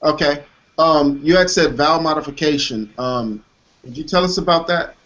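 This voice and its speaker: A man asks a vocal coach about technique in casual, halting questions. His voice sits a little high, and the sound is muffled. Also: a bit bright, slight background noise. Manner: halting questions with many ums. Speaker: interviewer. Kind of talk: casual conversation.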